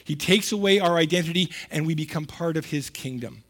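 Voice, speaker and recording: A man's voice: a little high, a little fast. A man giving a sermon in a conversational, emphatic way, repeating words for stress and reading scripture aloud. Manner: conversational preaching with emphatic repetition, rising to loud stresses. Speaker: pastor.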